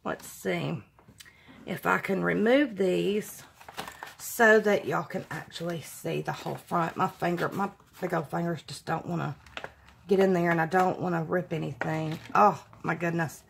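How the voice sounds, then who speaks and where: A woman's voice: fairly low pitch, fairly even intonation, measured pace, creaky, slight background noise. A woman hosting a casual craft unboxing vlog, gushing and exclaiming over everything she opens. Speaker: craft channel host.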